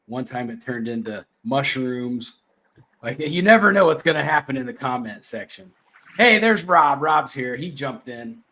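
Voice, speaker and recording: A man's voice: mid-range voice, normal speed, bright, forceful tone. Male host, casual chat show, self-mocking, rambling delivery with fillers.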